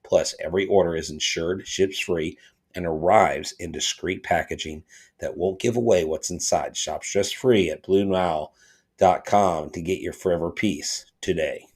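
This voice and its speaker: Deep-voiced man reading a sponsor spot. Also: moderate pace, husky. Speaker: podcast co-host. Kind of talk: sports podcast talk and ad reads.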